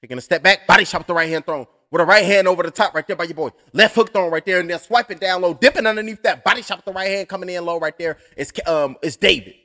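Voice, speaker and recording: A young man calls punches blow by blow and drifts into profane, joking stories. His voice sits high for a man. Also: quick pace, few pauses, sharp tone. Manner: rambling, profane, joking asides. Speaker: fight commentator. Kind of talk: live blow-by-blow stream commentary.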